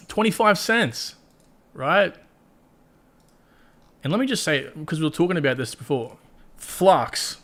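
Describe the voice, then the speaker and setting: His voice runs a little high and slightly bright as he delivers casual crypto livestream commentary in an Australian accent. He addresses viewers directly, chatty and blunt, swearing freely.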